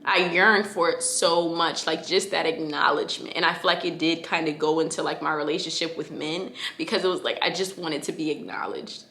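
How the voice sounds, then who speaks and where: A woman's voice: deep voice, fairly even intonation, fairly quick, hardly any pauses, pushed and bright, slight background noise. A young woman from Connecticut telling a personal story to her viewers, casual and heartfelt, with lots of fillers. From Connecticut, USA. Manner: casual, heartfelt, filler-heavy, addresses listeners as y'all. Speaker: vlogger. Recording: echoey room.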